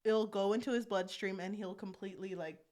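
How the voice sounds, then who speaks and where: Young female podcast co-host recapping a film, animated delivery, slips into the characters' voices, casual chat. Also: medium pitch, a little fast. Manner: animated, acts out character lines while recapping. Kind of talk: casual chat retelling a movie plot.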